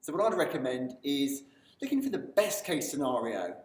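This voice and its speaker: A man's voice: mid-range voice, normal speed. A man giving an enthusiastic motivational talk to camera in a video series. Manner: enthusiastic, building excitement as he talks. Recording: roomy sound from a distance.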